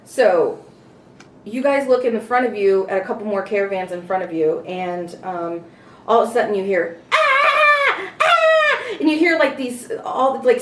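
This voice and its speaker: A woman's voice: mid-range voice, a little hiss or hum. A woman narrating as game master in a casual, rambling way with many fillers. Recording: echoey room, distant mic, soft music.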